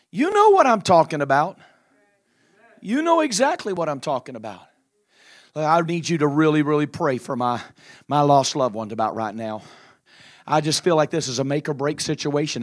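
A man preaching a storytelling sermon, animated and dramatic, drawing words out and laughing often. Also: on the high side.

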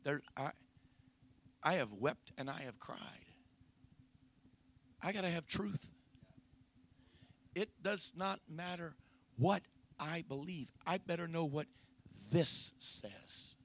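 A man preaching a Pentecostal sermon, punctuating his lines with "uh, amen" and building to shouts. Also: a little high, lively intonation, slow pace, long pauses. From raised in a Pentecostal home.

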